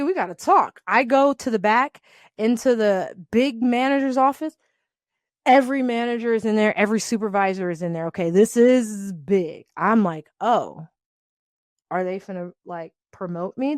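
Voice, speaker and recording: Young woman podcast host, lively storyteller, dry close sound. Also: mid-range voice, no room sound. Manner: animated, quotes people in changing voices, laughs often. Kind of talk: storytelling rant.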